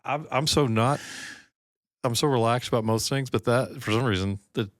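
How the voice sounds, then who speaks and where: A man's voice: mid-range voice, normal speed, no room sound. Rambling middle-aged man, dry sound. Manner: rambling, often breaks off mid-sentence. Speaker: podcast co-host. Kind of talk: casual chat.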